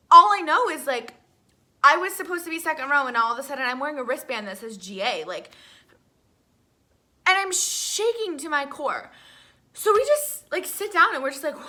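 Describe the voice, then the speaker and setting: A young woman telling an excited storytime vlog, swearing often and filling her talk with "like". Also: high voice. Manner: breathless, swearing, lots of "like" fillers. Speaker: vlogger.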